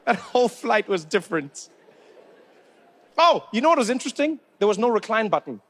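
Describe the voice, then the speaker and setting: A man from Africa, telling stand-up stories with animated disbelief. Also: high-pitched, fairly quick. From South Africa. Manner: animated, incredulous storytelling. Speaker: stand-up comedian. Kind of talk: stand-up comedy.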